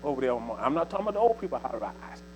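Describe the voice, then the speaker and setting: A man's voice: mid-range voice, big pitch swings, very fast, noisy background. A man, preaching to a church congregation in a folksy, repetitive, exhorting way. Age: 70s. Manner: folksy, repetitive, exhorting with 'see' and 'you know'. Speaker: church speaker.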